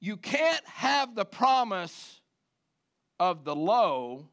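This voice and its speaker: High-voiced male pastor preaching. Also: sing-song, very slow. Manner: emphatic, rising to loud preaching. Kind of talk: sermon.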